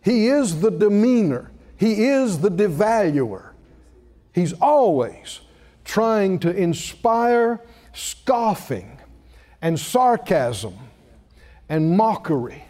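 Animated preacher man in a reverberant hall. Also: high-pitched, takes it slowly. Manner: animated storytelling with laughs and rising exclamations. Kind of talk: sermon.

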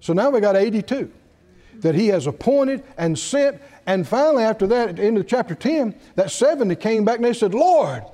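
Male preacher, high and lively voice, playful storyteller, long hall reverb. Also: a little fast. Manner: animated storytelling, laughing at his own jokes, acting out quoted voices. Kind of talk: sermon.

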